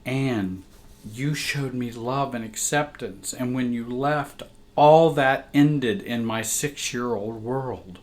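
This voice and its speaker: A man's voice: medium pitch, slow pace, a little mellow. A man, a family coach, reading a painful personal story aloud in a somber, reflective way.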